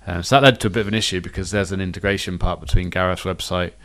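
A man with a very low voice talks quickly in a relaxed podcast chat. He rambles a little, restarts sentences and corrects himself on the fly, keeping a casual, chatty flow. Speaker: podcast co-host.

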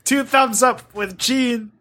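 A self-important film critic holds forth at a slow, showy pace, as a man puts the voice on in a comedy riff. The voice sits high and bright. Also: heavily acted. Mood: mock-grand. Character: pompous male film critic parody.

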